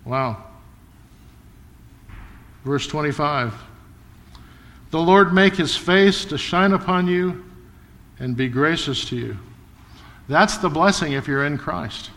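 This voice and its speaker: A man delivers a sermon with a bright, forceful voice that sits a little high for a man. He preaches earnestly, slowing and rising when he reads scripture aloud. His voice rings out with a long reverb, as in a large church sanctuary. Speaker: pastor.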